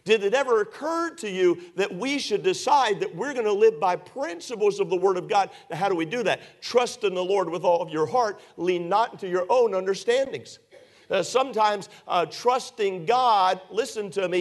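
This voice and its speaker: A man's voice: high voice, normal speed. A man preaching a sermon as pastor, earnest and repetitive, with many rhetorical questions and frequent "uh".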